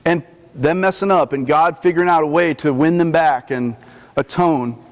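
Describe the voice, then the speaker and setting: A man preaching a sermon in a chapel in a conversational, animated teaching manner. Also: on the high side, moderate pace. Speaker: chaplain. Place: army post chapel. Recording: long reverb of a chapel.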